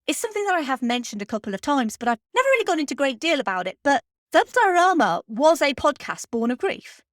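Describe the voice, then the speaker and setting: A woman's voice: high voice, big pitch swings, no room sound. Tearful woman podcast host, dry close sound. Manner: earnest and heartfelt, speaking with pauses. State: emotional, close to tears. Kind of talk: heartfelt spoken podcast tribute.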